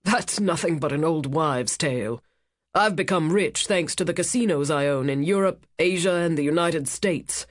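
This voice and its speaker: A narrator voicing a rich casino owner, a man who speaks with smooth, menacing charm. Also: mid-range voice, normal speed, no room sound, studio quality, natural voice. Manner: smooth, commanding, cutting. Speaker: cruise ship owner.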